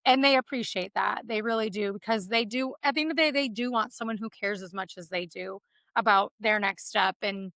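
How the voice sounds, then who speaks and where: A woman's voice: mid-range voice, a little fast, pushed and bright, dry recording. A woman with a Texan accent, a real estate agent being interviewed, talking casually and enthusiastically with many fillers.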